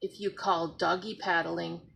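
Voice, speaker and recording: A woman's voice: lowish voice, flat delivery, a little slow, gravelly, fairly bright tone, heavily acted, low-quality recording. A woman voicing a confident, teasing older sister, a young girl with a know-it-all manner.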